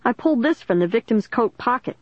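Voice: mid-range voice, lively intonation, brisk, no room sound, highs cut off, voice pushed up, close to an everyday voice. A reader voicing a male police officer who speaks in an urgent, raised voice.

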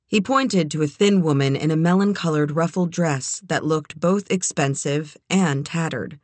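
A woman narrating a novel as an audiobook reader, in a measured, even way. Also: deep voice, no echo. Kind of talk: scripted narration.

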